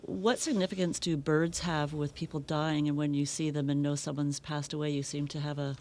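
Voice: medium pitch, level tone, moderate pace, a little mellow. A talk show host chatting with a guest and asking long, rambling questions. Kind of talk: casual TV interview.

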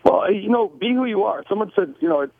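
Fast, gravelly American man on the phone. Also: sits high, no echo. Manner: brash, energetic, repeats words as he starts sentences. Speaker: guest author and business owner. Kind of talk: casual interview talk. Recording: tinny dry phone line.

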